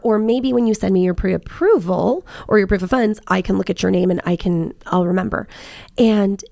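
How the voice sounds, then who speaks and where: A woman's voice: medium pitch, creaky, no room sound, studio quality. A woman realtor telling work stories in casual chat, acting out both sides of her phone calls. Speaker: realtor and podcast host.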